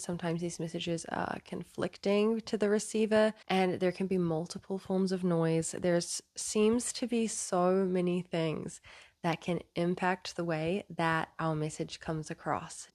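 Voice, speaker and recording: Vlog host, woman, lowish voice, dry close sound, earnest and explanatory. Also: no room sound. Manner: earnest, explanatory, acts out quoted lines. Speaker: relationship advice video host. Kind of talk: casual advice talk to camera.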